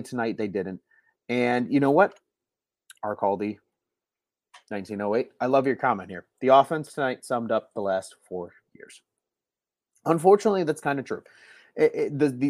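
Hushed, frustrated young man streaming late. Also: mid-range voice, no room sound. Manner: hushed voice to avoid waking people; rambling, repeats words, frustrated fan. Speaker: live stream host. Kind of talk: late-night post-game live stream. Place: at home, late at night.

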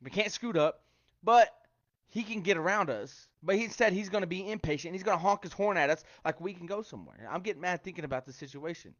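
Man, slightly high voice, casual joking devotional host, dry lo-fi sound. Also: lively intonation, a little fast, no echo. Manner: chatty, joking, quotes scripture. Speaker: online devotional speaker. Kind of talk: casual devotional livestream talk.

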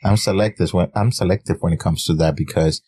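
A man's voice: low voice, quick pace, warm tone, slightly rough. A man co-hosting a casual podcast, laid-back and profane, laughing easily. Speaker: podcast co-host. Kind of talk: casual chat.

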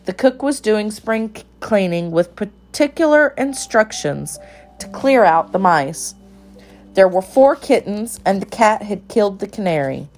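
A woman narrates a children's storybook in a calm, even voice of middle pitch. Her delivery is steady and unhurried. Faint music sits under her reading.

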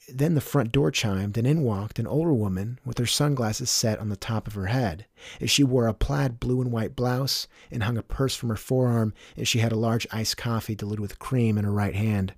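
A young man telling a personal story in a wry, deadpan way. His voice sits in an ordinary middle pitch. The recording is dry and close, with no room sound. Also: moderate pace, no room sound. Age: young adult.

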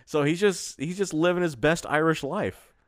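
A man's voice: a little high, normal speed, no room sound, clean studio sound. A man co-hosting a podcast in a casual, jokey chat, laughing often and rambling through his stories. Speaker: podcast co-host.

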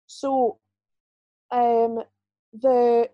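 A woman's voice: a little high, flat delivery, very slow, dark tone, no room sound, dull audio. A woman, co-hosting a podcast and telling a long personal story in a candid, rambling way, full of "like" fillers. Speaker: podcast co-host. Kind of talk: casual chat.

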